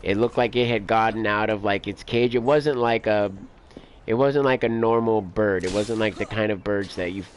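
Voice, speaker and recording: A man's voice: lowish voice, steady tone, normal speed, a little hiss or hum. A man streaming a game, telling rambling stories between play, filler-heavy and casual. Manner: rambling storyteller, lots of "like" and "dude". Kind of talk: casual let's play commentary.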